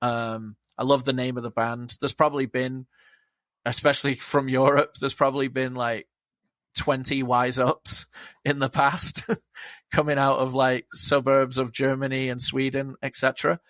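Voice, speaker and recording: A man's voice: medium pitch, little pitch movement, moderate pace, fairly bright tone, dry recording. A man chatting as a podcast guest, enthusiastic and rambling, swearing freely. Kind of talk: casual chat.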